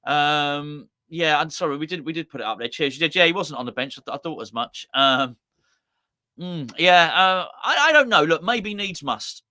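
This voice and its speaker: A man's voice: a little high, lively intonation, normal speed, bright, forceful tone, no echo. A man hosting a live football fan stream, chatting loosely and reading out viewer comments with lots of stammered restarts. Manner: rambling, stammering restarts, chatty and self-deprecating. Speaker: host of fan channel watch-along.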